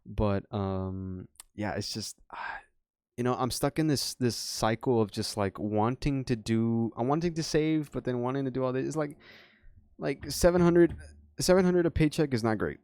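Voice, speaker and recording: A man's voice: medium pitch, normal speed, darkish tone, dry recording. A young man venting about his job in a rambling, profane, frustrated way. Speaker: vlogger. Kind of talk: candid personal vent.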